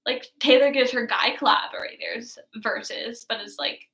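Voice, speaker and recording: Unhurried and fairly even in intonation, her slightly high, somewhat bright voice drifts through a casual, filler-heavy ramble while she reacts to an album. She's a twenty-something music reaction vlogger recorded in a room with echo.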